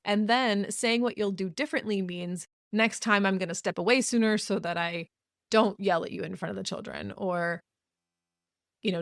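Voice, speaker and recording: A woman hosting a podcast, speaking frankly and casually, breaking into quick laughs and acting out sample apologies. Her voice sits at a middle pitch and is recorded close and dry, with almost no room sound. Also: steady tone, dry recording. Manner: frank, laughs often, acts out example apologies. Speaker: podcast host. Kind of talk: casual advice monologue.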